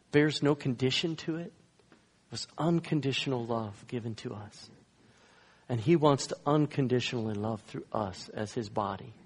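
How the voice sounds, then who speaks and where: A man's voice: medium pitch, breathy edge. Man preaching in a long-reverb hall. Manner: swings between loud emphatic and hushed soft delivery. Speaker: guest pastor. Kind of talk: sermon storytelling.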